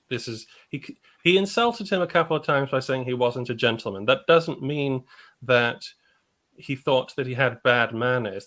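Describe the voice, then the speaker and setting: A man's voice: medium pitch, fairly bright tone. A man, a guest historian on a livestream, thinking aloud with restarts and small laughs. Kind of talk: livestream reaction discussion.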